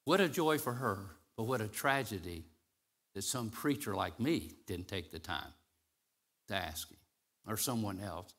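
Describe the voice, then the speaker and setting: A man's voice: fairly low pitch, animated. Man preaching with big dynamic swings. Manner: swings from loud, rising declamation to soft, hushed storytelling; slows and stretches key phrases for emphasis. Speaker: interim pastor. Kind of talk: sermon. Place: church sanctuary.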